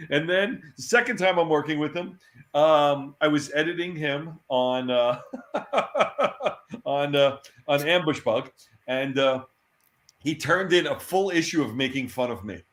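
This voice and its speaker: A man being interviewed, telling animated anecdotes and laughing often. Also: a little high, measured pace. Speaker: interview guest. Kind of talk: storytelling in an interview. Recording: roomy echo.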